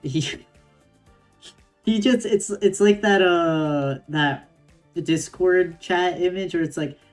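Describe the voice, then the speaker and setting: Low-voiced woman streamer reading a game. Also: takes it slowly, pauses often, soft background music. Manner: giggly, chatty reactions.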